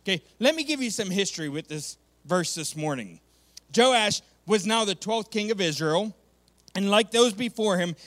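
High-voiced pastor preaching with emphasis. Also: male voice, animated, normal speed, a bit bright. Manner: emphatic, repeats key points for effect; conversational preaching with frequent "okay". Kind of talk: sermon.

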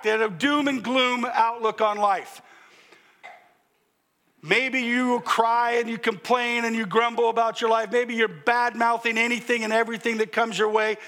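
Calling out to his congregation and joking throughout, an older male pastor delivers an animated sermon. His voice is very high-pitched, and now and then he bursts into loud exclamations.

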